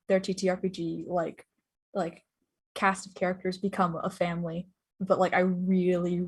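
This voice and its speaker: A woman player on a live tabletop stream, emotional and near tears, rambling excitedly with jokes and swearing. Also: fairly low pitch, vocal fry, husky. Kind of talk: casual closing thanks on a live stream.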